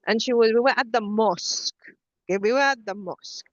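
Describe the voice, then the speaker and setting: Middle-aged woman co-host, chatty animated storyteller, slightly high voice, dry dull lo-fi sound. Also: a little fast, no room sound. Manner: animated storytelling with many restarts. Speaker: podcast co-host. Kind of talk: casual conversation.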